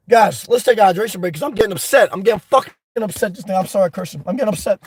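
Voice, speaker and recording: A man hosting a live stream, reading viewer chat and ranting excitedly with lots of cursing and rambling fillers. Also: high-pitched, rapid-fire, few pauses, breathy edge, no echo, poor audio.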